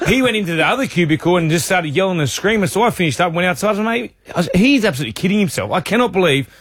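Cheeky Australian radio co-host, husky voice, quick and animated. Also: male voice, high-pitched, no echo, studio quality. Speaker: radio co-host, former footballer. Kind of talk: casual banter.

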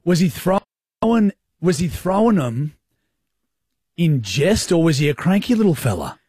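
A man on a radio show chimes in with teasing, quick jokes. His voice is slightly husky and a bit high for a man, and his pitch swings a lot. The sound is dry and close. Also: very animated, dark tone, no room sound. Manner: joking interjections, teasing. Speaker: radio co-host. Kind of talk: casual radio banter.

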